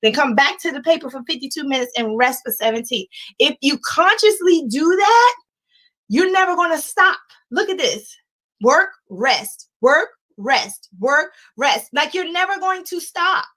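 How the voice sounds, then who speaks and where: A woman in her forties giving a livestreamed life-coaching talk, emphatic and animated, chanting repeated words and laughing often. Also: high-pitched, normal speed, low-quality recording.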